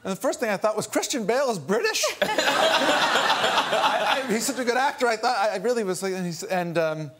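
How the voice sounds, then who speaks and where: A man's voice: sits high, animated, normal speed, long pauses, very noisy. A man guest on a talk show, telling a casual anecdote with frequent laughs and restarts. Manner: laughing storyteller, many restarts.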